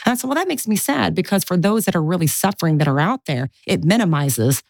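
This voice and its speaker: A woman in her forties, a guest in an interview, chatting and telling animated stories from her life. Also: on the low side, fast talker, creaky, no echo. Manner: chatty, animated, mimics family voices in anecdotes. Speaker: guest, real estate investor. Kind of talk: casual interview storytelling.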